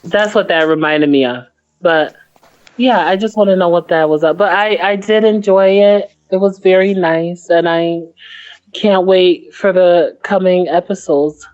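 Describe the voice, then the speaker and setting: A woman with a fairly low voice co-hosts a casual podcast. She drifts through her notes with plenty of ums and asides. The audio is muffled and lo-fi. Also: unhurried, darkish tone. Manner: rambling, reads from notes, many fillers. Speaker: podcast co-host. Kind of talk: casual TV recap chat.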